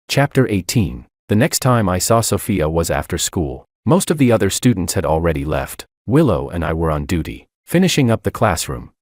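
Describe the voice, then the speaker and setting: A man narrating a dramatic first-person story in a very deep voice. His reading is expressive, with pitch rising and falling widely, and the sound is dry and close. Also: no echo.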